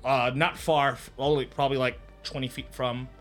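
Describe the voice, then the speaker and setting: A man narrating a tabletop game as game master in a casual, halting way. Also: mid-range voice, level tone, a bit bright, faint music behind.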